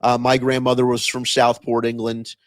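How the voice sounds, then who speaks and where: A man's voice: mid-range voice, completely flat delivery, normal speed, dry recording. An American man, a sports radio host, chatting casually as a podcast guest with lots of fillers and restarts. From United States. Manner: talkative, frequent restarts and fillers.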